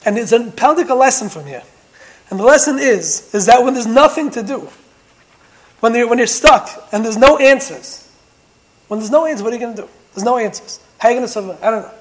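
Very high-voiced man preaching emphatically. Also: fairly quick, low-quality recording. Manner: emphatic, full of rhetorical questions; storytelling with dramatic repetition. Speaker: Torah teacher. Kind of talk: sermon-style Torah lesson.

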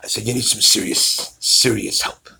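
A man, a rabbi, giving an animated storytelling sermon and acting out the people in his stories. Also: fairly low pitch, normal speed, gravelly, husky. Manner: animated storytelling, acts out callers' voices.

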